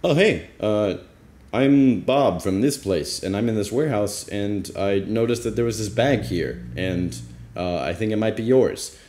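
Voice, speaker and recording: A man's voice: lowish voice, a little slow, darkish tone, lightly acted. A man voicing a friendly male warehouse worker in a casual, offhand way. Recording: roomy echo.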